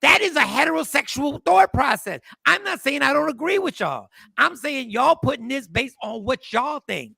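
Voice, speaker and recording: A male talk show host arguing insistently, with a voice that is high and strongly gravelly. His tone is bright and forceful. The sound is close and dry. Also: big pitch swings, normal speed, hardly any pauses, dry recording. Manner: insistent, argumentative. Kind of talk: casual debate on a talk show.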